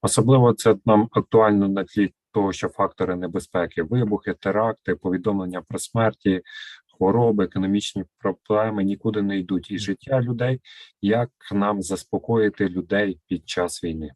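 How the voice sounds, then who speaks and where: A man's voice: fairly low pitch, fairly even intonation, fairly quick, darkish tone, dry recording. A man from Ukraine interviewing a guest, asking a long question in a polite, formal, earnest way.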